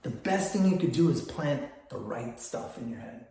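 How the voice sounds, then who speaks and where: An older man talks in a loose, rambling vlog monologue, often restarting his sentences. His pitch sits in the middle range, and the room around him is heavily echoey. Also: expressive, normal speed, warm tone. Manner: rambling, storytelling with many restarts. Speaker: photography business vlogger.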